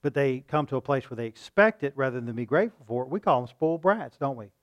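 A man preaching a sermon, asking his listeners questions and acting out loud pleas now and then. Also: mid-range voice, quick pace, lo-fi sound. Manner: shifts between calm teaching and loud acted-out pleading; rhetorical questions to the congregation.

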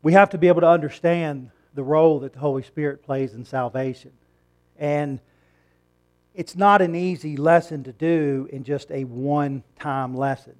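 A middle-aged male pastor delivering a Sunday sermon, talking in a relaxed, conversational way. His voice sits a little higher than most men's, and he pushes it up and louder when he drives a point home. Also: moderate pace. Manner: conversational preaching, rising emphatic on key points.

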